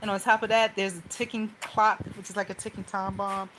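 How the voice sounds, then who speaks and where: A woman's voice: medium pitch, level tone, brisk, fairly bright tone, slight background noise, rough recording. A woman vlogger venting in a loose, rambling personal monologue, anxious and talking things through in run-on asides.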